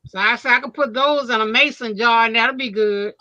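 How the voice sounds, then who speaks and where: An older woman chatting with friends, speaking haltingly with many restarts. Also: a little high, bright, forceful tone. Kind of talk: casual group chat. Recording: dull lo-fi sound.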